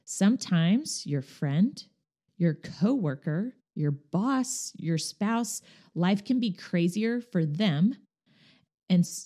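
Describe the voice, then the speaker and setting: A woman chatting in a relaxed, conversational way, her voice sitting a little low and sounding mellow and warm. She tells stories with animation, slipping into the voices of the people she quotes. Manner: animated, acts out quoted dialogue. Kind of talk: casual conversational storytelling.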